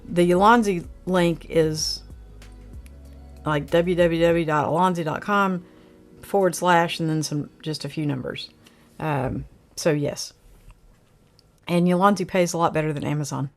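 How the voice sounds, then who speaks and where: A woman's voice: on the low side, unhurried, long pauses, soft background music. Rambling Oklahoma woman chatting on camera. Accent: Oklahoma twang. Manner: rambling and chatty, answers viewer comments. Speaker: channel host reviewing camera gear. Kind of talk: casual live chat.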